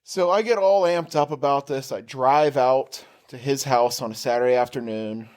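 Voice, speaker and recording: A man's voice: mid-range voice, normal speed, a little mellow. A man co-hosting a podcast, trading dry jokes in casual chat and swearing freely. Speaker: podcast co-host.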